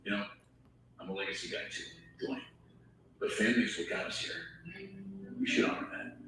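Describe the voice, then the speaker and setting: Scripted TV drama dialogue spoken by a man comes from a television across a very echoey room. The voice sits low and sounds distant, with clear background noise throughout. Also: steady tone, normal speed, close to an everyday voice.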